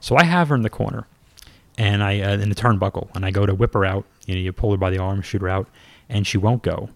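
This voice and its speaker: Male storyteller, low voice, dry close sound, casual and self-deprecating, swears easily. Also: fast, creaky, no echo. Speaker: former pro wrestler telling a story.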